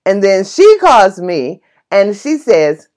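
A woman casually telling a personal story in an excitable, passionate way, laughing as she talks. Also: mid-range voice, slow pace. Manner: animated, excitable, laughs while talking; passionate and chatty.

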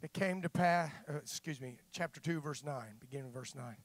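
A man preaching a sermon, moving from slow, quiet talk to loud, impassioned shouting and filling pauses with "uh". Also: on the high side, dry recording. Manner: fills pauses with frequent "uh". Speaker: father.

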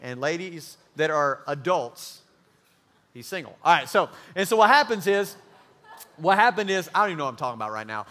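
A young man preaching a youth sermon, joking and acting out quick bits of dialogue. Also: high voice, lively intonation, pushed and bright. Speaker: youth pastor.

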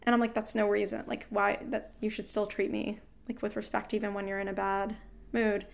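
A woman telling a frank, animated story about fights with her partner, quoting both sides, swearing and laughing ruefully. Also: mid-range voice, brisk, creaky. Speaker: guest seeking advice. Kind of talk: candid emotional storytelling.

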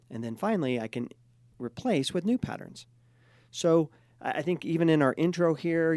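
A man's voice: mid-range voice, darkish tone, no echo. A middle-aged man with a mid-range voice talks in an agreeable, easygoing way. He works as a therapist and co-hosts the discussion. The recording is dry and close-miked. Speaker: therapist podcast co-host. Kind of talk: conversational discussion.

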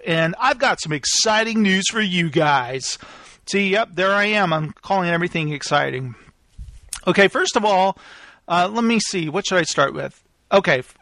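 A man in his thirties hosting a live podcast, telling a story in a casual, animated way and acting out both sides of the conversations. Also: sits high, no room sound. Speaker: podcast host.

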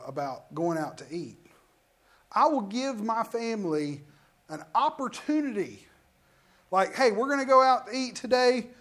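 High-voiced man preaching with acted-out stories. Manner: storytelling with acted-out quotes, emphatic. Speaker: pastor. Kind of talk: sermon.

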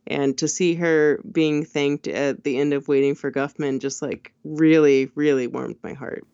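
Podcast co-host: mid-pitched, animated and chatty, dull lo-fi sound in a dry space. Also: moderate pace, no echo. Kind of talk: casual chat. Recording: dull, lo-fi audio.

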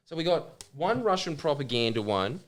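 A man's voice: a little high, sing-song, normal speed. Joking man hosting a podcast. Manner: joking, rambling banter. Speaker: podcast host. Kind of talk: casual podcast chat.

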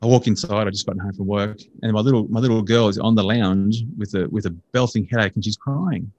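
An earnest Australian man tells a story about his own life in a relaxed conversational way, excitable and animated as he goes. His voice sits fairly low, and the sound is dry and close with little room echo. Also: a little fast, few pauses, lo-fi sound. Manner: earnest, excitable, jumps into high voices for quotes. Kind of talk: casual storytelling.

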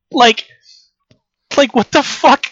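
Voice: high-pitched, very slow, a bit bright, breathy edge, dry recording, muffled recording. A podcast co-host in casual chat, rambling and swearing freely while critiquing a story.

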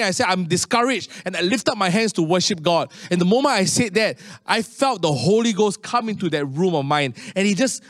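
A middle-aged man preaching a sermon, telling stories with animated, rising tones. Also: no echo, studio quality. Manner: animated storytelling, rising to high excited tones. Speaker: pastor.

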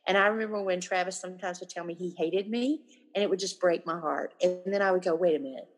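A woman's voice: lowish voice, fast. A woman in her fifties, a guest in a casual interview, talking animatedly and acting out the lines of the people she quotes. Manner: animated, acts out quoted dialogue.

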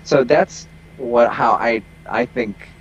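A man's voice: mid-range voice, slow, vocal fry, breathy edge, lo-fi sound. A man working as a relationship coach, explaining at length as a guest on an interview call, with many ums and restarts. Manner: explanatory, long rambling sentences with many fillers.

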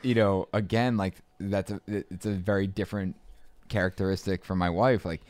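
A man with a very low, smooth and resonant voice and only a faint trace of a Boston accent, talking as an interview guest. He rambles through his thoughts with many restarts and asides. The sound is close and dry. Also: steady tone, fairly quick, darkish tone, dry recording. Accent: faint Boston, mostly smoothed out. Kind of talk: casual interview talk.

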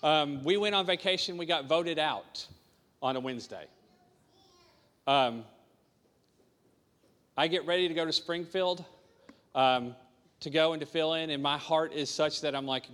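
A man's voice: fairly high pitch, a little slow, long pauses, fairly bright tone, in a large hall. A man preaching to a small congregation, telling his own story in an earnest way and repeating his key points. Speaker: pastor. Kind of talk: sermon testimony.

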